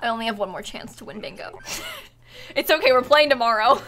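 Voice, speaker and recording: A woman live-streaming a video game, chatting with viewers in an excitable, dramatic, giggly way. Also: fairly high pitch, a little fast, soft background music. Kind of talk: live-stream chat while gaming.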